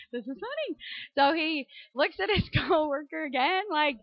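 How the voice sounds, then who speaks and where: A woman from Indiana in her thirties, telling a comic story with animated delivery, laughing often and squealing high when surprised. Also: unhurried, dry recording, dull audio. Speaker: comedian. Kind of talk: comedic storytelling to a church audience.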